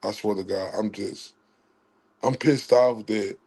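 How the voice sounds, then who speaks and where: A man hosting a livestream, ranting in a heated, profane way and swinging between loud outrage and quiet apologies. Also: on the low side, a little slow, husky. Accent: Southern US. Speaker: livestream host.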